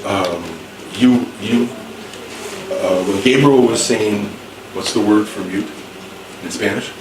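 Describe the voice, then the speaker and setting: A man teaching English slowly in an echoey classroom. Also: fairly low pitch. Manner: slow, clear, repeats and rephrases for learners. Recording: echoey room, distant mic, background noise.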